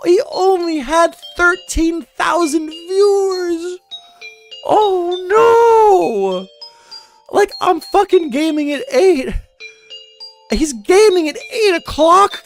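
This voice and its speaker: A woman voicing a self-pitying grown man streamer, wailing and mock-crying in a drawn-out whine. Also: very high voice, lively intonation, faint music behind, pitched above the performer's own voice, full character voice. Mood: whiny wailing. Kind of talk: mocking impression in a commentary video.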